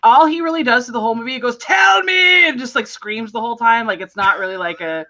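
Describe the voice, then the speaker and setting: A woman co-hosting a film podcast, her voice bright and forward. She rambles through plot summaries and jumps into voiced quotes as she goes. Her telling stays loose and animated. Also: fairly high pitch, fast. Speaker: podcast co-host. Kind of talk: casual film discussion.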